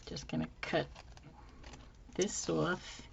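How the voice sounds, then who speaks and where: A woman hosting a craft tutorial, musing softly to herself as she works, her voice a little hoarse. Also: deep voice, fairly even intonation, slow, dull audio, heavy background noise. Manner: soft-spoken, musing aloud while working. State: slightly hoarse, losing her voice. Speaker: craft channel host. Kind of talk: casual craft tutorial chat.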